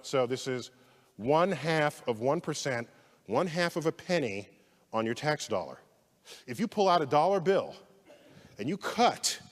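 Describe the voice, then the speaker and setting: A man giving an animated public science lecture, theatrical, swinging from loud outbursts to hushed asides. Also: a little high. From United States. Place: large lecture hall. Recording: long hall reverb.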